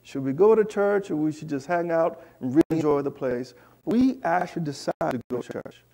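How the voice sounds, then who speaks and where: A man preaching in a church, telling a lively personal story with asides to the congregation. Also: on the high side, brisk, creaky. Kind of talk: storytelling sermon.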